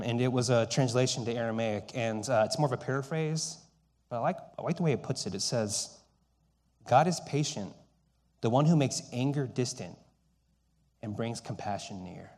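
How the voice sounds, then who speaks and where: Storytelling pastor with a mid-range voice. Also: male voice, mid-range voice, brisk. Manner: storytelling, shifts between loud and hushed. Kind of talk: sermon.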